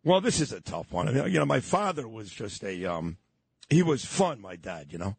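A man's voice: medium pitch, big pitch swings, moderate pace, creaky, breathy edge. A middle-aged man from Brooklyn, hosting a morning radio show and telling stories in a nostalgic way. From Brooklyn, New York. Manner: nostalgic, storytelling. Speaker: radio host. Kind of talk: casual radio chat.

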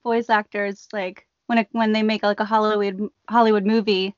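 A woman's voice: medium pitch, flat delivery, moderate pace, dry recording. A woman co-hosting a casual chat who talks with many "like" fillers. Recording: dull, dry lo-fi sound.

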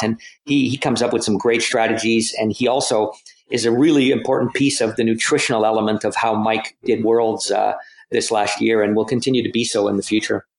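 A man who coaches cycling, talking in a halting way and repeating words as he thinks aloud. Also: lowish voice, vocal fry. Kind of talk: casual podcast chat. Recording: echoey room.

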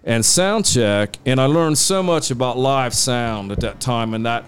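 A man's voice: medium pitch, unhurried, clear, resonant tone. A middle-aged man telling long, rambling stories about live sound work, swearing freely and laughing at his own tales. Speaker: guest, live sound engineer. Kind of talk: casual storytelling on a podcast.

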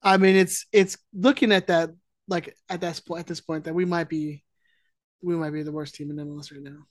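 A man's voice: on the high side, fairly even intonation, brisk, dry recording, clean studio sound. A man co-hosting a podcast, chatting casually and teasing his partner. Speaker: podcast co-host. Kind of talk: casual chat.

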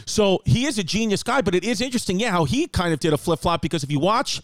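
A man hosting a casual comedic podcast from his apartment, rambling and joking in an animated way. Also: high-pitched, quick pace, no echo, clean studio sound. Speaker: podcast host. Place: home apartment.

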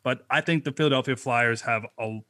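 Jokey male podcast guest, mid pitch. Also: brisk, sharp tone, a little hiss or hum. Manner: laughing, joking banter. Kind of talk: casual chat.

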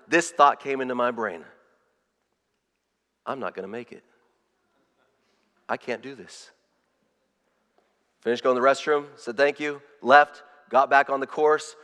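A man preaching a sermon, telling a personal story with animated swings from loud to hushed and frequent repeated words. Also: medium pitch. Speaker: pastor. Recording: long reverb of a large hall.

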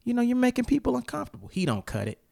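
A man's voice: very high voice, racing, creaky, dry recording, clean studio sound. A man hosting a casual talk, telling heated stories with lots of swearing and sudden outbursts. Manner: profane, animated storytelling with heated outbursts. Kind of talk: casual ranting chat.

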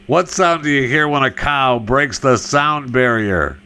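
A man telling a string of corny cow jokes in a slow delivery and laughing at his own punchlines. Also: mid-range voice, expressive, sharp tone. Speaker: joke teller.

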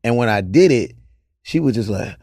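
A male comedian telling profane, animated stories in casual podcast talk. His voice has a gravelly edge and swings widely in pitch. The recording is close and dry. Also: moderate pace, no echo. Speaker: comedian, guest.

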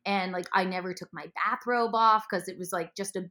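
A woman telling stories as a musician guest on a podcast, animated and giggly. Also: medium pitch, fairly quick. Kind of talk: casual chat.

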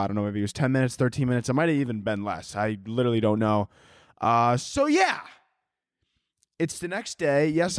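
A man's voice: mid-range voice, no echo, studio quality. Rambling, self-mocking young man podcaster. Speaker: podcast host. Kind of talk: solo comedic podcast rant. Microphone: handheld microphone.

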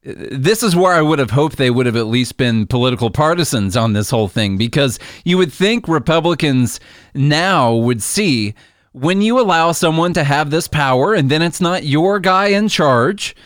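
A man's voice: fairly high pitch, lively intonation, normal speed, fairly bright tone, no echo. A man co-hosting political commentary with a slightly raised voice. He sounds earnest and exasperated, recorded dry and close. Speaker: podcast co-host.

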